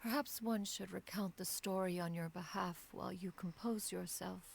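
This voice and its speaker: Slow, gravelly, husky ancient immortal, formal and aloof. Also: female voice, lowish voice, fairly even intonation. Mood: solemn. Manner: formal, measured and archaic. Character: wise, aloof mountain immortal woman. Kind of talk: game dialogue.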